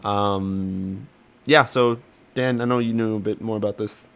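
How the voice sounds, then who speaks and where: A man's voice: lowish voice, fairly even intonation, measured pace, gravelly, a crowd in the background. A young man co-hosting a gaming podcast, talking in a laid-back, casual way with lots of ums. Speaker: podcast co-host.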